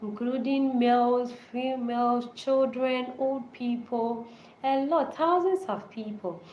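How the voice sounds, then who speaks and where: Hosting a casual live-stream chat, a woman speaks slowly and earnestly in a slightly high voice, restating short phrases over and over. The audio is dull, from an echoey room with faint background noise.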